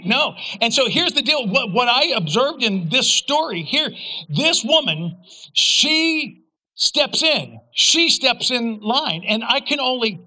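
A man preaching a sermon as pastor, telling a story with humor and sudden loud outbursts. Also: very high voice, very animated, a little slow, poor audio.

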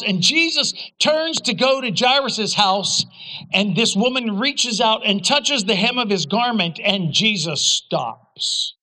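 A man preaching a sermon as pastor, telling a story with humor and sudden loud outbursts. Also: very high-pitched, animated, slow pace, low-quality recording.

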